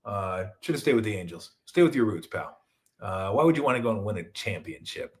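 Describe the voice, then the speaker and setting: A middle-aged man from Southern California riffs through a casual solo sports talk show. He rambles and jokes, jumps to loud excited peaks, then drops to mumbled asides, his pitch swinging widely. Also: brisk.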